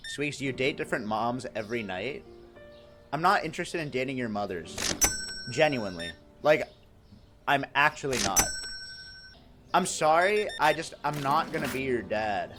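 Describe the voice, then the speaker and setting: A man's voice: mid-range voice, expressive, normal speed, pauses often, music in the background. A man streaming live, chatting casually and reading out viewer messages, laughing often and teasing himself and his chat.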